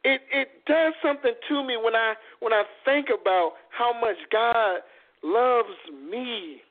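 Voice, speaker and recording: Fervent male co-host, very high voice, stumbling restarts, tinny line. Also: unhurried. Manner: fervent, repetitive, stammering restarts. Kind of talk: impassioned faith talk. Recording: phone-like lo-fi audio.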